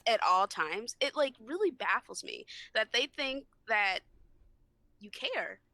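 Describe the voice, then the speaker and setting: Woman co-host, bright, slightly high voice, blunt and indignant, casual chat. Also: very animated, measured pace, no room sound. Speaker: podcast co-host.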